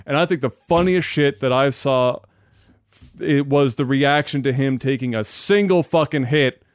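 A man hosting a podcast, talking in a casual, profane way and getting loud and animated when worked up. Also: medium pitch, unhurried, no room sound, studio quality. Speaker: podcast host.

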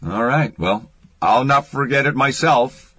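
A man's voice: medium pitch, lively intonation, measured pace, bright, forceful tone. A man hosting a radio interview, asking curious, conversational questions of his guest. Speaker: radio host.

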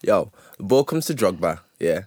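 A man, co-hosting a casual chat and telling animated, slangy stories. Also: low-pitched, moderate pace, slightly rough, dry recording. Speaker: podcast co-host.

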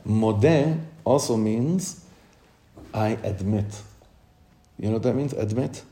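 Earnest mellow-voiced rabbi teaching. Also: male voice, lowish voice, animated, slow pace. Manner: asks the listeners questions, then answers them; heartfelt, repeats phrases for emphasis. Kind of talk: Torah class for women.

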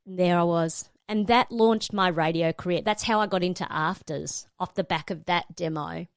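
A middle-aged woman spins a lively story as a guest, jumping into voices for the people she quotes. Her voice sits a little low for a woman and sounds dry and close, with no room around it. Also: normal speed, no room sound. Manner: animated storyteller acting out quotes. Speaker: guest, radio presenter. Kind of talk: storytelling in a panel conversation.

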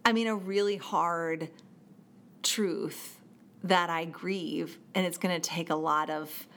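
A woman's voice: lowish voice, slow. A woman in casual podcast conversation who tells stories with energy and acts out the voices of the people in them. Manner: animated storyteller, acts out quoted voices. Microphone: studio microphone.

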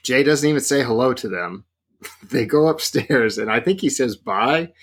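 A man's voice: medium pitch, expressive, moderate pace, husky. A man hosting a sports podcast, rambling loosely, laughing and steering the conversation. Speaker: podcast host. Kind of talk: casual sports podcast talk.

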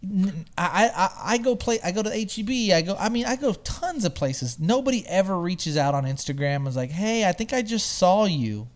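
Casting: animated male storyteller, higher voice with lots of lively swings, casual and profane. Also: brisk, few pauses. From lives in San Antonio. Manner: animated storyteller, swears freely.

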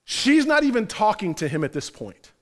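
High-voiced preacher in a reverberant hall. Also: male voice, moderate pace. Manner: animated, conversational, slangy storytelling. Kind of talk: sermon.

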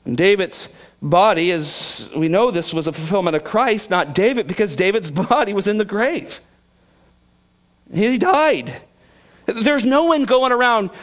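Guy preaching in church, pretty high voice, animated, acts out little voices. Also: normal speed. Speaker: pastor. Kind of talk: sermon. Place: church sanctuary.

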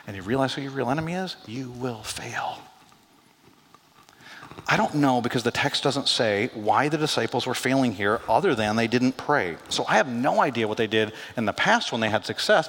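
A man preaching a sermon as pastor, conversational and animated, acting out quoted lines with asides. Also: medium pitch. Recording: long hall reverb.

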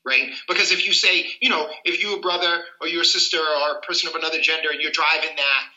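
A man explains legal rights on a podcast with earnest energy, acting out little scenes as he goes. His voice is very bright and sits a little high. The room around him rings with echo. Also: steady tone, fast talker. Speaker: civil rights attorney, guest.

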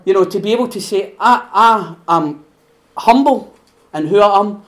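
A Scottish man hosting a podcast and preaching in a conversational way, animated, laughing often and acting out voices. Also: high voice, normal speed. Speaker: podcast host.

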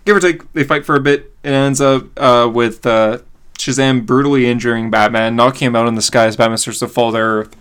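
A man co-hosting a casual comic book podcast, recapping the plot with excitement. He talks at a middling pitch with plenty of fillers and little laughs. The delivery is loose and conversational. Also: fairly quick, smooth. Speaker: podcast co-host.

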